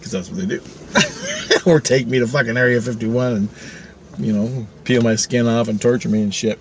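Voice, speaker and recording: A man telling a story to camera in a casual, profane, animated way, laughing often. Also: mid-range voice, normal speed, noisy background. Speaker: channel host.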